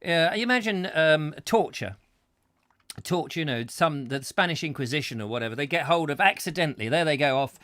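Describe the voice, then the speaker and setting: A middle-aged man hosts a comedy chat show, drifting from one whimsical tangent to the next and padding his thoughts with fillers. His voice sits a little high for a man. The sound is dry and close, with no room echo. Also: lively intonation, brisk, a bit bright. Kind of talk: comic rambling monologue.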